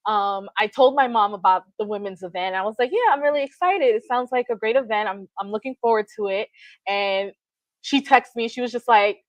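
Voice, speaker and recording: Woman, podcast co-host, animated storyteller, slightly high, dry close mic. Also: no echo. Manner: animated storytelling with frequent laughs. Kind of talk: casual chat.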